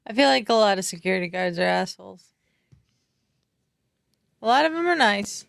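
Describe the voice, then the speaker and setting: A woman's voice: mid-range voice, animated, moderate pace, gravelly, a bit bright, dry recording, clean studio sound. A woman co-hosting a live watchalong, giving short replies and brief opinions in casual chat. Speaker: co-host.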